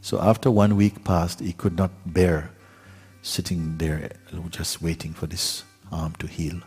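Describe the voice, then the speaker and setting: A man giving a spiritual talk, telling a parable slowly and gently with many pauses. His voice is very deep and a little husky, with faint music playing behind. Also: level tone. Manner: unhurried, gentle, with pauses and fillers. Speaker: spiritual teacher.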